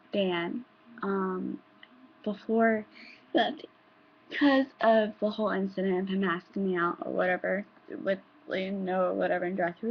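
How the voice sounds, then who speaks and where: A woman's voice: mid-range voice, creaky, breathy edge. A young woman vlogger telling stories in a rambling, casual way, with restarts and some swearing, in a dull lo-fi home recording. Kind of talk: casual storytelling.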